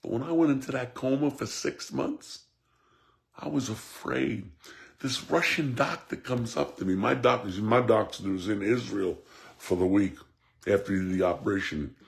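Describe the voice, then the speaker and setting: A male preacher with a gravelly, creaky voice delivers a fervent sermon. He swings from shouted peaks to near-whispers, repeats his refrain and calls out to listeners by name. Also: lowish voice, moderate pace. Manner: fervent, swings between shouting and hushed tones. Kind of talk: impassioned sermon.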